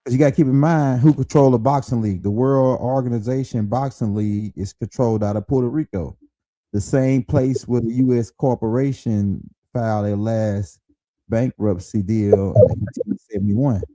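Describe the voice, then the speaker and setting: A man's voice: medium pitch, fairly even intonation, normal speed, warm tone, dry recording, rough recording. A man hosting a casual live stream, talking in a loose, rambling way as he lays out his theories.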